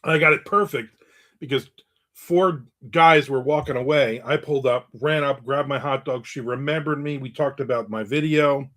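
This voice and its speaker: A man's voice: mid-range voice, normal speed, a bit bright. A middle-aged man hosting his own casual live show, chatting, telling everyday stories and joking with viewers. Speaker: host of a live video show. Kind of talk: casual chat reading viewer comments.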